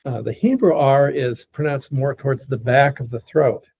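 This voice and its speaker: A man teaching a class, patiently saying words slowly and repeating them, with many fillers, over an online call. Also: mid-range voice, gravelly, a little hiss or hum. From United States. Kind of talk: lecture teaching pronunciation. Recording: dull lo-fi call audio.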